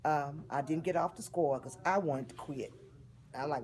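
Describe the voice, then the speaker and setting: A woman, telling a personal story in an interview in a heartfelt, expressive way. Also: deep voice, moderate pace. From Texas. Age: 50s.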